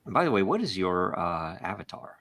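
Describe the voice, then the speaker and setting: A man hosting a podcast in casual chat, halting and rambling with many fillers and restarts. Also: low-pitched, sing-song, a bit bright. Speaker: podcast host.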